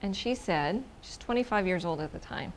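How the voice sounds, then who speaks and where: A woman telling a personal story in an expressive, effusive way, repeating words for emphasis and now and then dropping into a whisper. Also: mid-range voice, moderate pace, slight background noise.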